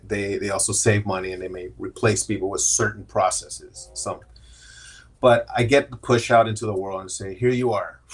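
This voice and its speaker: A middle-aged man, a podcast guest, talking candidly in a casual interview and often restarting his sentences as he tells his story. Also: on the low side.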